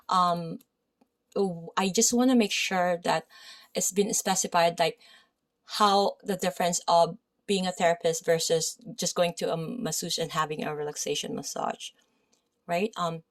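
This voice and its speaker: Filipino-accented woman talking students through anatomy, keeps saying okay and right. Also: fairly low pitch. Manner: chatty, many fillers, checks in with "okay?" and "right?". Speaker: massage therapy instructor. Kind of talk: casual anatomy lesson.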